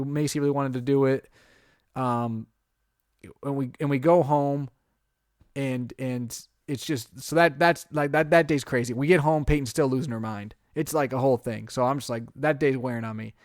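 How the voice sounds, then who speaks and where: A man's voice: medium pitch, darkish tone, no room sound, studio quality. A man co-hosting a podcast, telling a long story in casual chat and acting out his own reactions. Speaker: podcast co-host.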